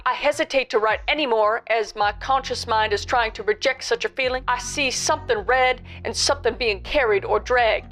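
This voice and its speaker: A woman's voice: a little high, a bit bright, lightly acted. A woman doing an old-fashioned uneasy letter writer. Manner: theatrical reading in a put-on old-fashioned accent. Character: elderly male researcher writing a letter.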